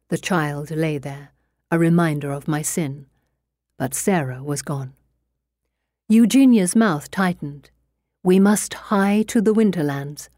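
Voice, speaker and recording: A woman narrating an audiobook in an expressive storytelling way. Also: low voice, no echo, studio quality.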